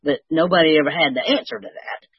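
A woman's voice: sits low, fast, slightly rough, no room sound, highs cut off. An older woman sharing her recovery story with wry, self-mocking humor. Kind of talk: personal testimony, storytelling.

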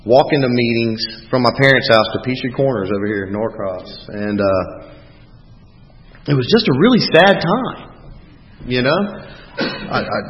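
A man's voice: fairly low pitch, a little hiss or hum. A man giving a blunt, candid and profane talk about his own recovery from drinking. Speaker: recovering alcoholic speaker. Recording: echoey hall, dull lo-fi sound.

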